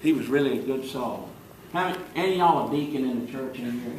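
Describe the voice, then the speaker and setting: A man with a Southern US accent, slowly spinning folksy comic stories to a live audience in character as a small-town deputy. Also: medium pitch, darkish tone, a little hiss or hum. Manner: slow drawling folksy yarn-spinner. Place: live venue before an audience. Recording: echoey room, distant mic.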